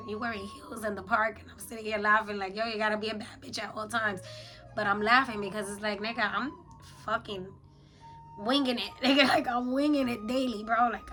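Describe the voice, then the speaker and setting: A woman's voice: mid-range voice, bright, forceful tone, rough recording. A woman, venting in a raw confessional voice journal, blunt and slangy with heavy swearing. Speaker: vlogger.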